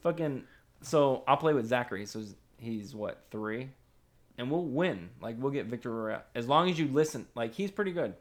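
A man chatting casually on a podcast, telling a gaming story. He laughs often and swears freely. His voice sits at a middle pitch. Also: expressive, moderate pace. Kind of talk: casual chat.

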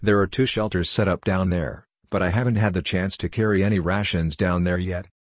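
A man reading the part of a calm, logical female android who is helping crash survivors, in a level, matter-of-fact way. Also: low-pitched, a little fast, no echo, studio quality, lightly acted.

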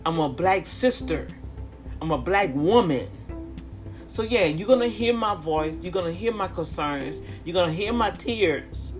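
Slow-speaking fervent preaching woman. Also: fairly low pitch, animated, faint music behind. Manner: fervent, repetitive, with calls to the listeners. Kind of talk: impassioned informal preaching.

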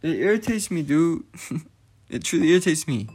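A man's voice: on the high side, animated, normal speed, a little mellow, husky. A young man in a casual, profane rant, frustrated and firing off rhetorical questions in slangy talk.

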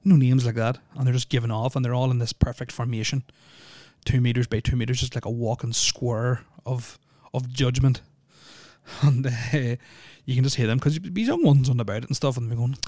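Speaking fairly quickly in a warm, medium-pitched voice, a man hosts a casual solo podcast in a dry recording. His talk is rambling and heavy on ums, with dry jokes mixed in.

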